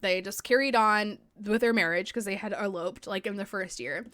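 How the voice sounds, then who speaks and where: A woman's voice: mid-range voice, normal speed, sharp tone, no echo. Chatty woman podcast host, dry close mic. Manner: chatty, swears freely, heavy use of "like". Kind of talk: casual chat. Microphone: podcast microphone.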